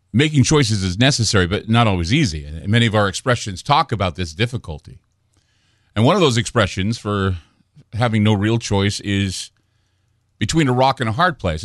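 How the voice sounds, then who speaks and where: A man hosting a late-night radio talk show, delivering a brooding, ominous monologue with dramatic pauses and restarts into a studio microphone. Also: fairly low pitch, dry recording. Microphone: studio broadcast microphone.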